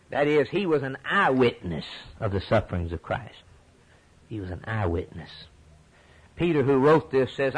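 A man preaching a sermon with passion, dropping low and quiet, then rising high and loud on key points, often repeating words. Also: breathy edge, rough recording. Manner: repeats words when stirred.

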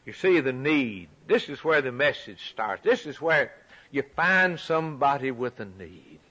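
A man preaching a sermon, emphatic and repetitive, rising loud for scripture and dropping quiet for key points. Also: medium pitch, sing-song, unhurried. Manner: emphatic, repeats phrases, swings from loud to quiet; reads scripture aloud in a raised voice.

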